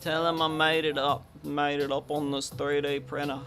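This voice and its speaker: A man's voice: fairly high pitch, level tone, normal speed, over music. A man streaming a game and chatting casually, often talking to his dog. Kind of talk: casual live-stream chat.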